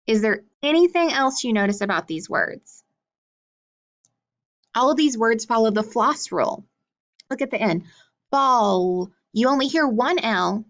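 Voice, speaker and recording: A woman teaching a phonics lesson to young children, sounding out words clearly and praising answers. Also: medium pitch, fairly bright tone, highs cut off.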